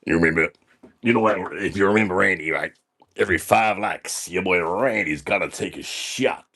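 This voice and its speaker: Male comic as a deep-voiced, boastful, foul-mouthed stream character who says "man" constantly. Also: moderate pace, pushed and bright, full character voice. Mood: brash. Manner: ends nearly every sentence with "man", brash and swaggering. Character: crude, boastful, foul-mouthed party dude. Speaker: livestream character host. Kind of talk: comedic livestream persona reading chat.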